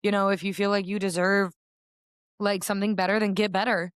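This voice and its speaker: A woman's voice: medium pitch, level tone, brisk, clean tone, dry recording, studio quality. A young woman co-hosting a podcast, chatting in an upbeat way with lots of fillers. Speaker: podcast co-host. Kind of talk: casual chat.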